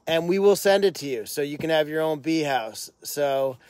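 A man with a fairly high voice hosts a casual live stream from an animal sanctuary at night. He talks with eager enthusiasm and rambles through lots of fillers. The sound comes from a handheld phone outdoors. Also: expressive, moderate pace, a little mellow, dry recording.

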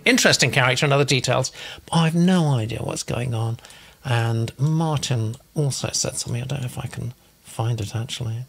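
A man's voice: mid-range voice, moderate pace, gravelly, fairly bright tone, slightly rough. A man hosting a live publishing show, chattily reading out viewer comments and adding his own asides. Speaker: host, literary agent.

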